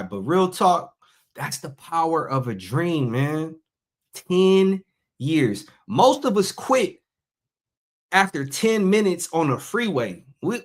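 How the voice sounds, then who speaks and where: Middle-aged male host, fairly high-pitched voice, laid-back talky commentary with emphatic pauses. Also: fairly bright tone. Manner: conversational, drawn-out emphatic phrasing. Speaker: podcast host. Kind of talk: casual monologue commentary.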